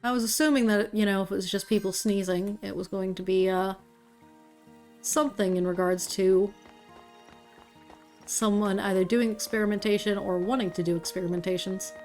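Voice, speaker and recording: A woman streamer with a steady, ordinary mid-pitched voice recaps a video game's story in loose let's-play commentary, filling pauses with "um" and "like." Soft music plays quietly beneath her.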